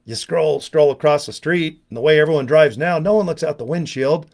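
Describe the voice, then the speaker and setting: A man's voice: on the high side, a little fast, creaky, a little mellow. A man in his sixties talking casually to camera in a rambling, joking monologue full of self-mocking asides. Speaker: online business vlogger.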